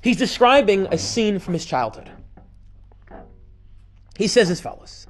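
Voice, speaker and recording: Animated high-voiced male rabbi teaching. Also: unhurried. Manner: animated storyteller, switches between loud and hushed delivery. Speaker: rabbi teaching a Talmud class. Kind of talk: lively classroom lecture.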